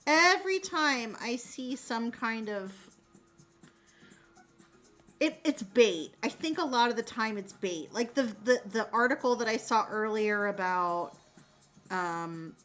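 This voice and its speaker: A woman in her forties chatting casually on a livestream, reading comments aloud with animated, sarcastic asides. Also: fairly high pitch, takes it slowly, soft background music. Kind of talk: casual chat.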